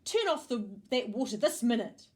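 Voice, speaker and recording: A bossy hostess from a storybook, read by a woman with a New Zealand accent. She gives orders in a firm, commanding way, a little above the reader's usual pitch. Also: very animated, moderate pace, a little mellow.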